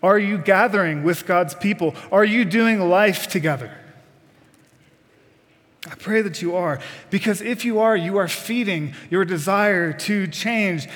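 A preacher's fairly high, slightly bright voice carries through the long reverb of a church sanctuary. Delivering his sermon a little slowly, he presses the congregation with direct questions and folksy asides.

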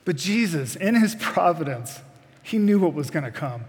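A man's voice: fairly high pitch, sing-song, normal speed, in a large hall. A man preaching a sermon, putting direct questions to the congregation with folksy asides.

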